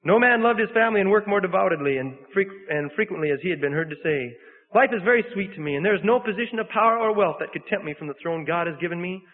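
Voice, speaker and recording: A man's voice: high-pitched, expressive, quick pace. A man preaching a sermon, earnestly reading an old account aloud and stumbling over words, repeating himself now and then. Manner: earnest, with self-corrections and repeats. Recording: tinny phone-like sound in a reverberant hall.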